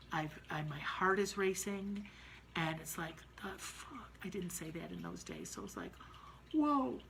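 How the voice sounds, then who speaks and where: A woman's voice: lowish voice, gravelly, a little hiss or hum, low-quality recording. Woman telling a dramatic ghost story. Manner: dramatic, shifts between hushed and loud.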